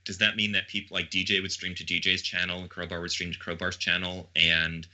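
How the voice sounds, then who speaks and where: A man co-hosting a casual podcast, laughing often and thinking aloud in quick bursts. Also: sits low, level tone, bright, forceful tone. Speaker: podcast co-host.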